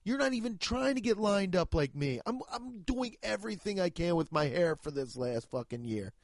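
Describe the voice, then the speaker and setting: A man's voice: high-pitched, very animated, moderate pace, no echo. A man in his thirties hosting a podcast, with a profane, mocking comedic rant. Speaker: podcast host.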